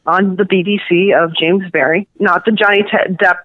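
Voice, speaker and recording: A woman with a Cuban-New York accent, a guest author, telling a rambling, animated story in a casual interview. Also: on the low side, moderate pace. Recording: tinny phone line.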